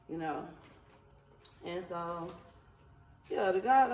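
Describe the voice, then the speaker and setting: A woman, telling a personal faith testimony in a casual, animated, conversational way. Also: on the low side, quick pace. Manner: animated, conversational, uses dialect. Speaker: spiritual vlogger. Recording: echoey room, faint ambient noise.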